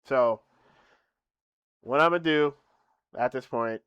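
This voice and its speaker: A young man streaming casually to his viewers, boasting playfully, laughing, then thanking them softly. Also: mid-range voice, takes it slowly, clear, resonant tone, no echo, highs cut off.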